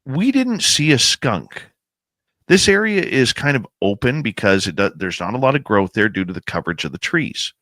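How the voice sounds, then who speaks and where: A man telling a suspenseful outdoor experience as a guest on a podcast, animated and pausing to build suspense. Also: mid-range voice, no room sound. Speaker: guest, paranormal researcher and radio host. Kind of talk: casual storytelling in a podcast interview.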